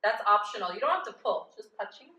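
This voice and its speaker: A woman yoga teacher guiding a live chair yoga class with gentle, chatty instructions and easy laughs. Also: mid-range voice, lively intonation, fast, highs cut off. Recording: echoey room, voice from a distance.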